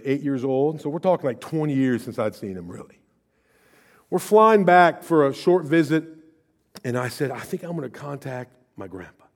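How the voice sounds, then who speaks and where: A man delivers a sermon in a fairly high voice that ranges widely. He drops low and quiet, then climbs to loud, emphatic peaks and acts out the people in his story. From Illinois, USA. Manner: swings from hushed to loud and emphatic, acts out quotes. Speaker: pastor.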